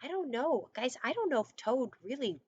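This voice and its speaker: A woman teacher reading a picture book aloud to first graders in an online lesson, gently asking the children questions. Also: high-pitched, sing-song, moderate pace, breathy edge, no room sound, lo-fi sound.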